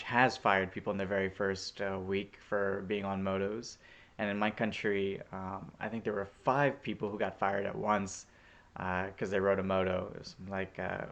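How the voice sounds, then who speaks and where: A man casually telling a story about his volunteer days to a vlog audience, chatty and easygoing with plenty of fillers. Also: lowish voice. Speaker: returned Peace Corps volunteer.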